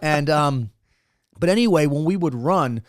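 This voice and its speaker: A man's voice: a little high, animated, measured pace, dry recording, studio quality. Profane storytelling man in his fifties. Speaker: guest, former Navy SEAL. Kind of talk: casual storytelling interview.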